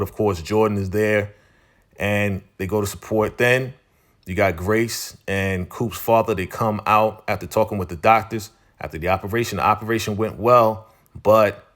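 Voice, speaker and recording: Casual man recapping, lowish voice. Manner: conversational, repeats phrases, leans on "you know". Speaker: TV episode recap host. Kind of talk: casual spoken recap narration.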